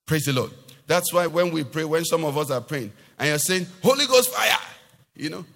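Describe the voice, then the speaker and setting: Male pastor, high voice, swings a lot in pitch, long echo of a church hall. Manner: animated preaching with rhetorical questions to the congregation. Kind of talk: sermon.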